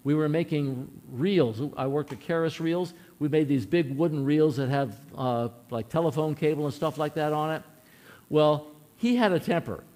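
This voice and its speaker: A man's voice: a little high, normal speed, darkish tone. A man preaching a sermon in an earnest, folksy way, telling a personal story and asking his listeners questions.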